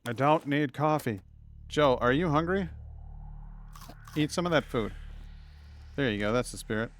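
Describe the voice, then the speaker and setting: A man's voice: medium pitch, measured pace, slight background noise. A man from Massachusetts with an Upstate New York accent, chatting casually with viewers while streaming a game, rambling and self-deprecating. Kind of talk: casual live-stream gaming chat.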